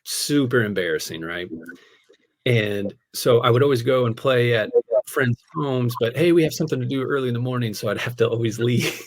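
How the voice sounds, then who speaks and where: A man with a voice of everyday pitch tells a personal story in a relaxed podcast conversation. He speaks as a pastor, animated and candid, often breaking into laughter. He sprinkles his sentences with "man" and "dude". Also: fairly quick.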